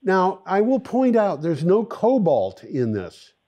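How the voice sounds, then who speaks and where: A man's voice: high-pitched, huge pitch swings, takes it slowly, mellow, dull audio. A man hosting a show, explaining things step by step in a chatty, casual way. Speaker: show host.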